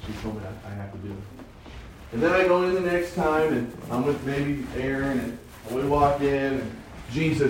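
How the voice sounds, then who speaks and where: A man teaching an adult Bible study, preaching with animated, acted-out quotes in a church room. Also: a little high, fast talker. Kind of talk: sermon. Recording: distant mic, echoey room, faint background hum.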